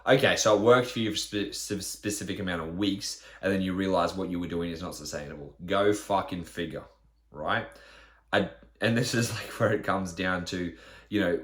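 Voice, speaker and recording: Blunt, swearing fitness trainer. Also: male voice, low voice, moderate pace, fairly bright tone. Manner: blunt and profane, asks rhetorical questions. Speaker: fitness trainer and podcast host. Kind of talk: blunt podcast rant.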